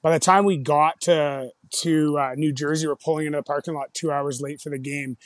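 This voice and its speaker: A middle-aged man tells his hockey stories in a loose, rambling flow, stacking up fillers and cursing now and then. His voice sits a little high for a man. The sound is close and dry, with no room around it. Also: steady tone, fairly quick, no echo. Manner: rambling, frequent "like" and "you know", swears then apologizes. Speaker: guest, former hockey player. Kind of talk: casual storytelling.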